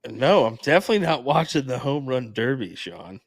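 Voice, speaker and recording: A man's voice: medium pitch, big pitch swings, fairly quick, no echo. A man co-commentating a darts match live, talking in a laid-back, casual way with dry humor.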